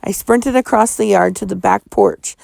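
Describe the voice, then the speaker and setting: Female audiobook narrator, suspenseful, slight fry, dry booth sound. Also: mid-range voice, wildly swooping pitch, normal speed, darkish tone, dry recording. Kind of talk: storybook reading.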